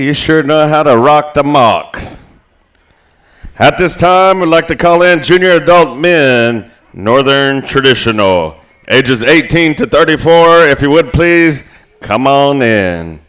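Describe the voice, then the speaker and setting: A man's voice: mid-range voice, a bit bright, smooth. A man emceeing a powwow over the PA in an outdoor arena, joking between calls. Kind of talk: live arena announcing.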